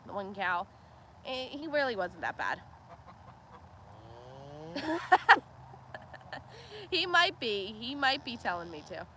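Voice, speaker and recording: A woman's voice: a little high, pushed and bright, slight background noise, low-quality recording. A woman hosting a casual farm livestream outdoors by a cow pen, chatting, laughing often and cooing at the animals, with her camera on a tripod. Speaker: homestead livestream host.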